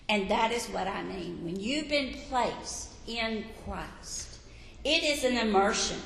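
A woman preaching a sermon, emphatic, rising to loud peaks and telling listeners to write points down. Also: fairly high pitch, vocal fry, slight background noise. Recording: echoey hall with long reverb.

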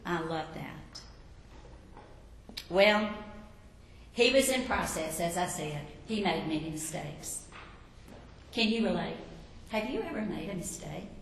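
A woman with a lowish voice teaches a sermon slowly and with long pauses, though her delivery is animated. She asks the listeners questions and tells Bible stories warmly, recorded in an echoey hall with long reverb and slight background noise.

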